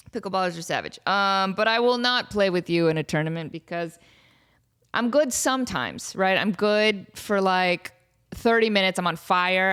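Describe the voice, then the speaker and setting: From her home near Las Vegas, a woman in her thirties runs a casual podcast chat, answering fan questions with jokes, fillers and asides. Her voice is fairly low, fairly bright, clear and resonant.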